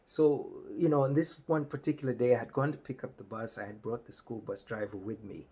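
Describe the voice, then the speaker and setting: A man from Kenya telling a comic story on stage, lively, acting out the people in it. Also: mid-range voice, a little fast, husky. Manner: animated, acts out voices. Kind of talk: stand-up storytelling.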